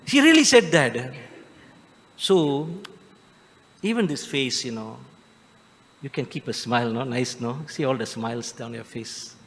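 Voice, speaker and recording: A man with a Malaysian English accent, a Catholic priest giving a homely, joking Christmas homily with drawn-out emphatic phrases. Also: medium pitch. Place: large church. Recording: long church reverb.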